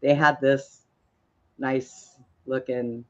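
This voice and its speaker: A woman's voice: extremely low pitch, little pitch movement, very slow, fairly bright tone. Jokey woman host on dull lo-fi audio. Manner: playful, jokey storyteller. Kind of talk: casual chat.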